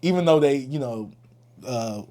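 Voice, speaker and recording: A young man co-hosting a casual podcast, animated and opinionated, and he laughs often. His voice is mellow and dark in tone, at a middling pitch. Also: measured pace. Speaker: podcast co-host. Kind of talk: casual chat.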